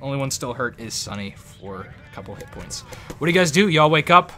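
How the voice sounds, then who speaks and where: A laid-back game master talking through a tabletop session in a casual, filler-heavy way. His voice is bright and animated, with faint music underneath. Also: mid-range voice, a little fast.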